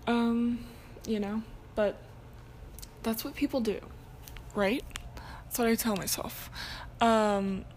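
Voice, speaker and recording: Give me a young college woman chatting on her podcast, slow and rambling with lots of ums. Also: fairly high pitch, fairly even intonation, a little mellow, slight background noise. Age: young adult. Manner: chatty and rambling, with many ums and self-corrections. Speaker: podcast host. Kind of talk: casual solo podcast chat.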